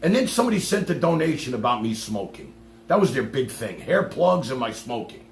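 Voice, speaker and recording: Man, streamer ranting to chat, lively pitch, echoey room with faint hum. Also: a little fast, creaky. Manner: fired-up, profane, swings loud then drops low. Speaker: live streamer. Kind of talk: ranting live stream monologue.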